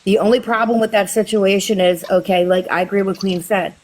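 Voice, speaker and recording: A woman's voice: mid-range voice, steady tone, fairly quick, a little mellow, poor audio. A woman calling into a live stream, direct and opinionated as she makes her point. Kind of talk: casual live stream chat.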